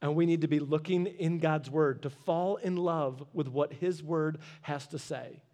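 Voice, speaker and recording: A man's voice: on the high side, steady tone, unhurried, mellow. A man preaching a sermon as a pastor, weaving in a personal story and urging listeners with short repeated commands.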